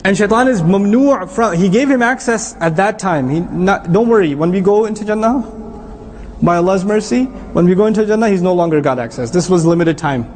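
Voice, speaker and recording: A middle-aged man giving an animated religious lecture as an Islamic teacher, often quizzing his audience. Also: high-pitched, brisk, slight background noise.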